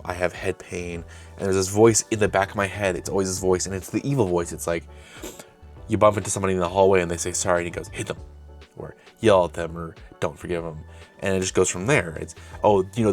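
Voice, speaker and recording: On his channel, this young host reminisces about a past project in a loose, self-correcting ramble. He talks fast in a low-pitched voice with fairly even intonation, over soft background music.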